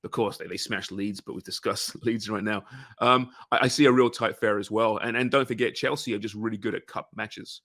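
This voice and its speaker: A man's voice: on the low side, fairly even intonation, fairly quick, fairly bright tone, dry recording, studio quality. A man hosting a casual sports betting podcast, talking conversationally and often tagging his points with "right?" and "you know". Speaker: podcast host.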